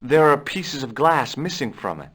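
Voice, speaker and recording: Casual adventurer. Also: male voice, medium pitch, big pitch swings, normal speed, a bit bright, breathy edge. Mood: inquisitive. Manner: casual, dry and inquisitive. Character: curious young American adventurer narrating his tale. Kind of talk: video game voice acting.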